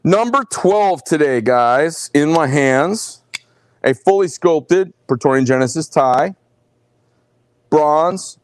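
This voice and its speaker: A middle-aged man hosting a live knife sales show, telling rambling, animated stories between showing each knife. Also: a little high, slow pace, no room sound. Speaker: host presenting knives.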